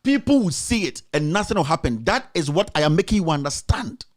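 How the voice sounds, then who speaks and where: A man's voice: fairly high pitch, very animated, brisk. A man with a Ghanaian accent giving passionate political commentary as a talk show host, answering his critics directly with repeated rhetorical questions. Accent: Ghanaian English.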